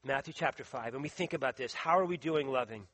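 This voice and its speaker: A man preaching a sermon, reading scripture aloud and speaking earnestly and emphatically, with a tickle in his throat that keeps him clearing it and coughing. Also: medium pitch, quick pace, fairly bright tone. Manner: earnest, emphatic, stretches out key words.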